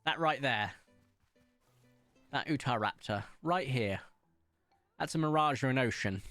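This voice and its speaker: A man's voice: medium pitch, expressive, measured pace, a bit bright, dry recording, faint music behind. Man with a posh English accent. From England, Somerset. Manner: rambling anecdotal storytelling with frequent ums. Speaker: streamer. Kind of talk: casual chat while gaming.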